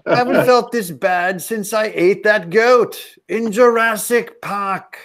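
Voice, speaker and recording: A man's voice: high voice, takes it slowly, fairly bright tone. A man co-hosting a live stream, joking and roasting the others in loose banter. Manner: teasing, roasting. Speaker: co-host.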